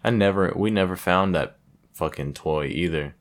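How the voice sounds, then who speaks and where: A young man with a low voice chats on his own podcast in a loose, rambling way. He swears freely and pokes fun at himself as he goes. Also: moderate pace. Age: young adult. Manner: rambling, profane, self-deprecating. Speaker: podcast host. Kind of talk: casual solo podcast chat.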